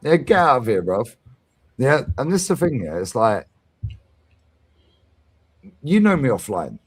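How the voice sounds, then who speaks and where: Husky, lively man. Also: medium pitch, a little slow. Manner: swearing, slangy, lively storytelling. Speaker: host of a fan talk stream. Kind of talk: casual chat.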